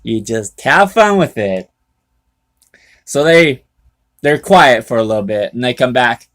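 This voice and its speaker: A man's voice: mid-range voice, lively intonation, unhurried, long pauses, a bit bright. A man who drives trucks, recounting his day in a casual, folksy, rambling way with lots of restarts, talking from home. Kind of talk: casual storytelling vlog. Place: indoors at home.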